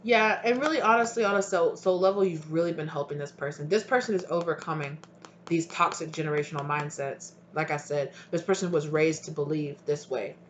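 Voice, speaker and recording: A tarot reader giving a casual intuitive reading, chatty and acting out both partners' voices in quick back-and-forth. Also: mid-range voice, highs cut off, a little hiss or hum.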